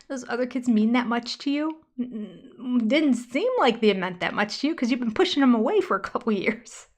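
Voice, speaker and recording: A woman's voice: a little high, animated, moderate pace. An older woman hosting a casual livestream commentary, talking in a gossipy, exasperated way that slips into mocking whispers. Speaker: reality TV reviewer.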